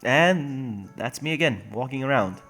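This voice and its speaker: A man's voice: mid-range voice, animated, unhurried, bright, forceful tone, faint music behind. A young man casually commentating a video game stream on a phone, chatty and jokey, laughing often and reading game text aloud. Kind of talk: casual let's-play commentary.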